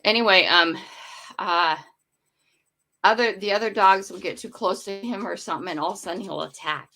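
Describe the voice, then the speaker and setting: An older woman runs a casual morning livestream from a room at home, chatting with viewers and rambling on to her dogs. Her voice sits at a medium pitch with a sharp tone, and she speaks at a moderate pace.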